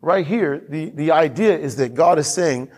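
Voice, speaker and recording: Preaching to his church, a male pastor drives each point home by repeating it, shifting between plain talk and reading scripture aloud. His voice is somewhat high for a man and a little mellow, and his emphatic delivery moves at a moderate pace.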